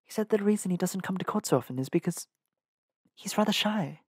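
Sly sweet-talking court lady, read by a man, hushed, very dry sound. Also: high voice, lively intonation, brisk, husky, no echo, pitched above the performer's own voice, exaggerated voice. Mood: flattering. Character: scheming young noblewoman, sweetly flattering.

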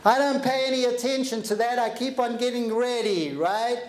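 A man giving an energetic, animated motivational talk, telling stories and joking with a live audience in a hall. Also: very high-pitched, normal speed. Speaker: motivational speaker. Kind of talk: keynote storytelling to a live audience. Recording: echoey hall with faint ambience.

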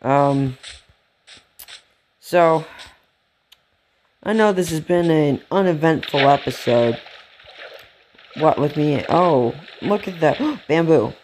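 Excitable man rambling over gameplay. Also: on the high side, takes it slowly, pauses often, slight background noise. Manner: rambling, excitable, gasps and squeals at cute animals. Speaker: let's play gamer. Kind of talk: casual gameplay commentary.

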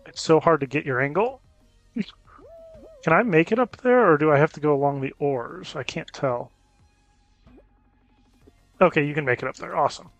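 Gaming YouTuber, male, casual running commentary, loud reactions, dry close mic. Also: fairly high pitch, normal speed, gravelly, pauses often, dry recording, dull audio, faint music behind. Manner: chatty, reacts loudly to near misses.

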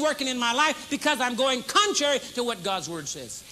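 Man, pastor, sermon, emphatic, humorous, very high voice, faint background noise. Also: big pitch swings, a little fast, hardly any pauses, pushed and bright. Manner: emphatic, humorous storytelling, acts out a demonstration. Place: church stage before a congregation.

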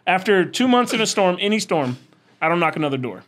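A man's voice: high-pitched, sing-song, fast, fairly bright tone. A man from Florida, a roofing salesman guest, telling blunt, brash stories in casual slangy chat.

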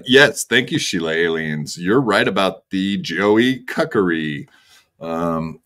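A man closes out his livestream in a slow, unhurried drawl. His voice sits low, and he talks in a laid-back, crude, joking way into a desk mic. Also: fairly bright tone. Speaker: streamer host. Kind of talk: casual livestream sign-off.

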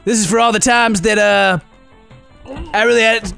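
A man giving gameplay commentary in a giggly, excitable, mock-dramatic way. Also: high voice, moderate pace, creaky, soft background music. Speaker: gaming YouTuber.

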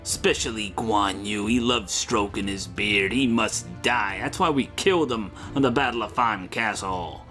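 A man voicing a scheming, vengeful young male lord in a low, hushed, breathy voice. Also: normal speed, few pauses, soft background music.

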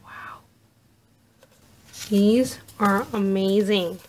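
A woman vlogger narrating an unboxing, gushing with awed exclamations and soft asides. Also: mid-range voice, fairly even intonation, very slow, slight background noise.

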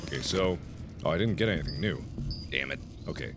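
A man's voice: rumbling low, lively intonation, a little fast. A man commentating his own gameplay, nervous and easily startled, with panicky exclamations and nervous laughs. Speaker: let's play host. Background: game music.

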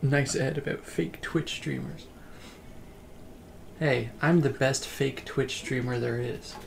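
Gravelly man chatting on a relaxed stream. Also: mid-range voice, slow pace, slight background noise. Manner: relaxed, rambling, reads chat aloud. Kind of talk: casual game livestream chat.

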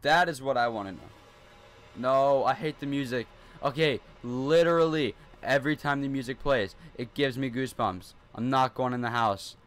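A teenage gaming YouTuber with a medium-pitched, fairly bright voice talks at a moderate pace. He's playing a horror game in his hot bedroom, nervously talking to himself and repeating lines as he runs.

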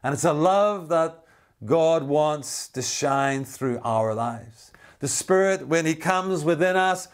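Pastor preaching, draws words out slow for effect, then goes quiet and low. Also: male voice. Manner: dramatic, slows down for emphasis and drops to a soft voice. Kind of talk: sermon.

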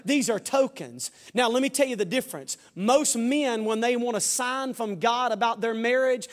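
Folksy and fervent, a male pastor with a very high voice preaches at a moderate pace, his sermon echoing through a large church sanctuary. He climbs to shouts and falls back to quiet jokes on the side, and every phrase is followed by a long reverb.

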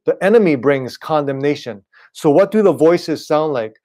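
A man preaching an online sermon in a relaxed, conversational way, often checking in with "right?". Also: fairly high pitch, normal speed. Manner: casual, repeats "right?" and "you know". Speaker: pastor.

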